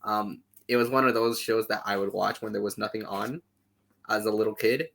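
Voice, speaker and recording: A man's voice: lowish voice, steady tone, brisk, creaky, fairly bright tone. A man from Canada co-hosting a podcast, chatting casually, using lots of fillers and laughing often. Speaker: podcast co-host. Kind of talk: casual chat.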